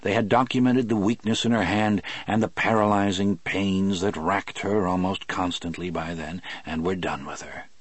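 A man reading an audiobook aloud in a measured, wry storytelling manner. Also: fairly low pitch, no room sound. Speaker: narrator. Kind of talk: audiobook narration.

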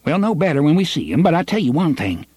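Quavery old gunslinger. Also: male voice, a little high, big pitch swings, fast, darkish tone, slightly rough, no room sound, clean studio sound, pitched above the performer's own voice. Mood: cautious, scheming. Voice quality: quavering, drawling. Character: old-sounding male gunslinger, wary and sly.

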